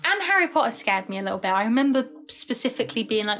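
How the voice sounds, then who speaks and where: A woman's voice: on the high side, lively intonation, fast talker, a bit bright. A young woman chatting casually on a live stream, rambling and laughing often. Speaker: livestreamer.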